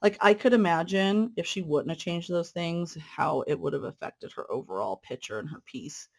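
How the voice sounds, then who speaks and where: A woman's voice: lowish voice, normal speed, creaky. A woman hosting a casual cross-stitch video, chatting in a friendly, rambling way with fillers while she stitches. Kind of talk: casual stitch-along chat.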